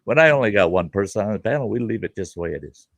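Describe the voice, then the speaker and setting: A man's voice: fairly low pitch, expressive, rapid-fire, no room sound. A middle-aged man hosting a show and telling a rambling childhood story in a folksy, casual way. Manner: folksy, rambling, with fillers like "you know". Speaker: host and storyteller.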